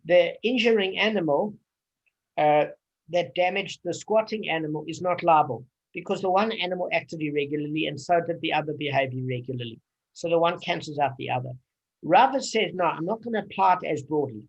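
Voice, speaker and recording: A man's voice: a little high, brisk, vocal fry, muffled recording. A man leading a casual Talmud study group, explaining at length with anecdotes and many fillers.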